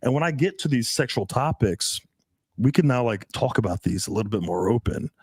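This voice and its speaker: A man coaching on dating in casual podcast chat, talking in an animated, emphatic way with a lot of swearing. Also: mid-range voice, fairly quick, breathy edge, dry recording.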